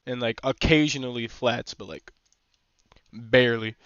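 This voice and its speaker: A young man streaming a game, chatting casually with teammates, excitable, swearing and laughing often. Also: mid-range voice, unhurried, no echo. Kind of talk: casual gaming chat with teammates. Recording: slightly muffled dry stream mic.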